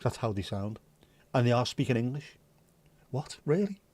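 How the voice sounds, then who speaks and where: A man's voice: mid-range voice, sing-song, moderate pace, a little mellow. A man hosting a casual livestream, chatting loosely, swearing and rambling as he reads viewer comments. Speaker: livestream host.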